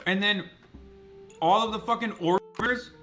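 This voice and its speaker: This is a man with a very high, bright voice, venting hotly at his viewers with profanity throughout. Faint game music plays under him. It sounds like a livestream at a desk mic. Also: unhurried. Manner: heated, profane ranting at chat. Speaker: streamer. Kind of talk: livestream reaction rant.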